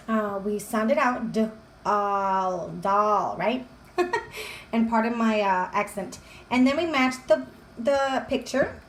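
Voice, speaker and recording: A homeschooling mom with a high, bright voice chats eagerly through a casual show-and-tell vlog. She is recorded in an echoey room at home, with a faint hum of ambience behind her. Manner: chatty and enthusiastic. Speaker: homeschooling mom and channel host.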